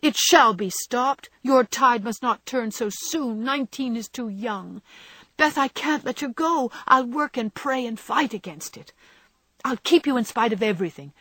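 A woman's voice: medium pitch, animated, moderate pace, no echo. A woman voicing a headstrong, passionate young woman, speaking with raised, pleading intensity. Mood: impassioned. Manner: impassioned and pleading.

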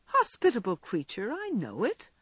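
A woman voicing a lazy, playfully evasive young gentleman in a storybook reading. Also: fairly high pitch, wildly swooping pitch, moderate pace, slightly rough, dry recording, voice pushed up, full character voice. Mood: teasing. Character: young man, teasing idle gentleman.

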